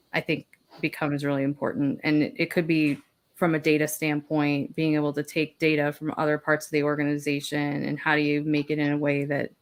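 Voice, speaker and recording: A woman speaking as a guest on a live online panel, thoughtful and laughing at her own slips. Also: low voice.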